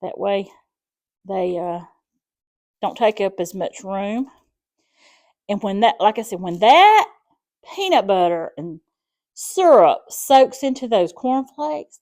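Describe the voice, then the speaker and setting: A woman's voice: mid-range voice, animated, slow, pauses often, darkish tone. A middle-aged woman with a South Alabama accent, chatting through a home cooking demonstration in a folksy, rambling way. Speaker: home cooking channel host.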